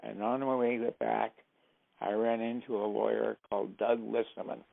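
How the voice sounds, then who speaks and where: Gravelly older man telling stories. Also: on the low side, normal speed. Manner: lively storyteller who acts out the dialogue. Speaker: interview guest. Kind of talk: anecdotal storytelling. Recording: tinny, phone-like, dry sound.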